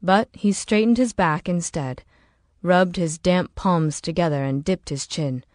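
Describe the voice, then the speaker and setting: Casting: woman audiobook narrator, low voice, steady, dry close sound. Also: a little slow, dry recording.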